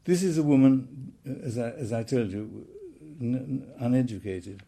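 A man's voice: mid-range voice, lively intonation, moderate pace, vocal fry, few pauses, mellow. A man in his eighties recounting childhood memories in a wry, anecdotal storytelling manner. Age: 80s. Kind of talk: reminiscing talk.

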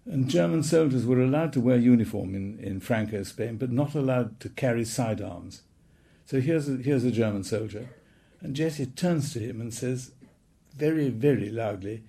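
An elderly man in his eighties shares his reminiscences in a relaxed, wry, anecdotal way. His voice is gravelly, with a soft and mellow tone. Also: medium pitch, moderate pace. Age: 80s. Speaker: speaker recounting his childhood. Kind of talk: reminiscing talk.

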